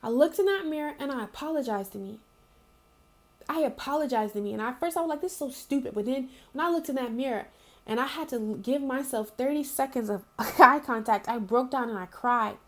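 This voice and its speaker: A woman's voice: high voice, brisk, a bit bright. A young woman giving a casual, heartfelt spiritual talk to her viewers, repeating herself and using lots of fillers as she speaks. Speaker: spiritual reader. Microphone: home video recording.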